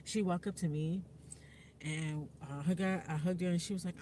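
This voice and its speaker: A woman's voice: lowish voice, fairly even intonation, moderate pace, dark tone, a little hiss or hum. A woman vlogging in a frank, profane way, with lots of fillers. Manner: candid, frank and profane, with frequent fillers and laughs. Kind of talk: casual personal vlog talk.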